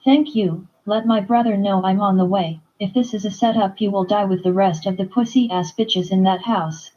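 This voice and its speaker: Woman voicing a curt commanding man, profane, mellow husky tone, lo-fi audio. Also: medium pitch, steady tone, moderate pace, natural voice. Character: brusque determined man, protective leader.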